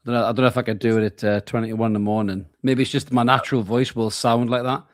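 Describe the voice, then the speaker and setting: This tired football watchalong co-host races through casual live match chat late at night, full of joking banter and offhand swearing. His medium-pitched delivery stays fairly even in intonation, captured in studio quality without room sound.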